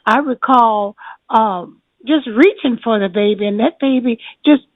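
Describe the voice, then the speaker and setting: An older woman telling her story as an interview guest, animated and laughing often as she acts out what people said. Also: a little high, measured pace, no room sound. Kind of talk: lively storytelling. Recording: tinny phone line.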